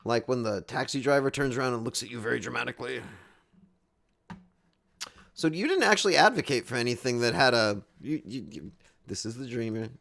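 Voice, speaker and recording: A man's voice: medium pitch, lively intonation, brisk, creaky, pauses often, a bit bright. A man playing a game live, joking and rambling as he reads the on-screen text aloud. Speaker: game streamer.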